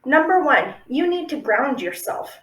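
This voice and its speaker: A woman's voice: sits high, big pitch swings, a little slow. Woman, casual instructional talk, chatty with frequent check-ins, roomy echoey sound. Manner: chatty, checks in often with tag questions. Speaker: affirmation practice teacher.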